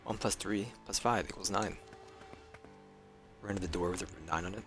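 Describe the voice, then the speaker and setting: A man's voice: sits low, moderate pace, music in the background. A male streamer reading a story game aloud in earnest, with small slips he corrects as he goes.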